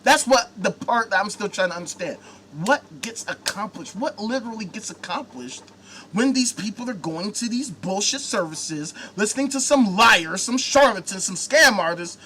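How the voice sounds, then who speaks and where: Host, male, high bright voice, furious profane rant, sarcastic. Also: husky. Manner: angry, sarcastic, heavy swearing. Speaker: talk show host. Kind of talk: profane live-stream rant.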